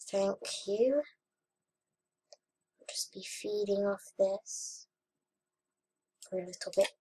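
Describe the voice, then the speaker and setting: A young woman chatting casually over her gameplay, murmuring to herself and then bursting into frustrated shouts. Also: medium pitch, takes it slowly, long pauses, breathy edge. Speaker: gaming vlogger. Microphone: webcam or desk mic.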